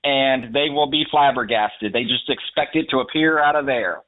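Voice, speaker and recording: A man's voice: mid-range voice, moderate pace. A man leaving a voicemail for a radio show, speaking earnestly and plainly. The sound is thin and phone-like, as from a telephone recording. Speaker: caller.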